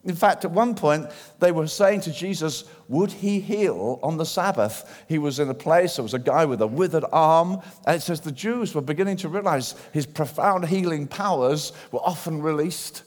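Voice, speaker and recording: A man preaching a sermon in church, animated and acting out the voices of people he quotes. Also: on the high side, moderate pace, few pauses. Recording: long hall reverb.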